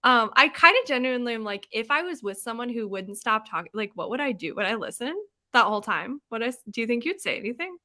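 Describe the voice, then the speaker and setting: A young woman hosting a podcast, chatting in a bubbly, animated way and laughing often. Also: fairly high pitch, fast, hardly any pauses. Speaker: podcast host. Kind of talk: casual chat.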